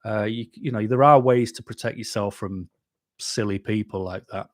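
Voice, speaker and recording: A man's voice: on the low side, fairly even intonation, moderate pace, no echo, studio quality. A man hosting a live stream, chatting casually with viewers in a rambling, self-deprecating way, full of ums and restarts.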